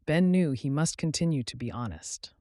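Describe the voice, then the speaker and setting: A man hosting his channel, narrating a children's story clearly and expressively for English learners. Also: on the high side, lively intonation, normal speed, warm tone, no echo, clean studio sound.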